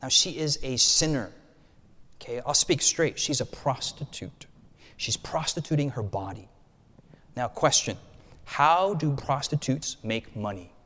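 A man preaching with lively, colloquial emphasis as he acts out scenes for his congregation. His voice sits at a medium pitch. It carries the long reverb of a church sanctuary. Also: a little slow. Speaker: pastor. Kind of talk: sermon.

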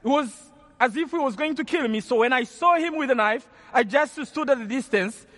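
Long hall reverb hangs over this brisk, very high-pitched, slightly bright male voice. A Rwandan preacher, he tells an earnest testimony as a story, often going back to repeat or restart his phrases.

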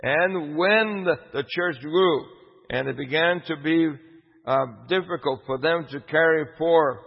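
A man's voice: on the high side, measured pace, vocal fry, slightly rough. A man preaching a sermon emphatically, putting rhetorical questions to his listeners. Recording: dull lo-fi with long hall reverb.

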